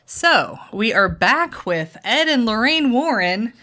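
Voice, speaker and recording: A woman's voice: fairly high pitch, big pitch swings, takes it slowly, pushed and bright. A woman co-hosting a casual podcast, chatty and laughing often, thinking aloud with restarts. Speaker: podcast co-host.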